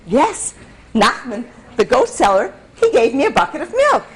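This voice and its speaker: A woman's voice: sits high, sing-song, normal speed, slightly rough, heavily acted, poor audio. A woman doing a stammering, eager village lad. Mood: sheepish. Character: simple-hearted young village lad.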